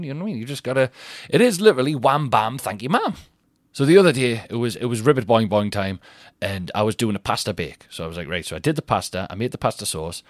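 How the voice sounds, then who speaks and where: A man's voice: medium pitch, no room sound. Rambling man, dry close sound. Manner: rambling and self-mocking, with frequent restarts and laughter. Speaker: podcast host. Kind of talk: casual comic monologue.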